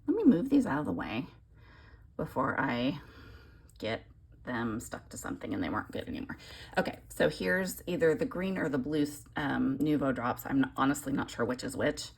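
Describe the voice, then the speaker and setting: A woman's voice: a bass voice, big pitch swings, moderate pace, gravelly, breathy edge. A woman chatting casually while demonstrating a papercraft technique, rambling and self-deprecating. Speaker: papercraft tutorial host.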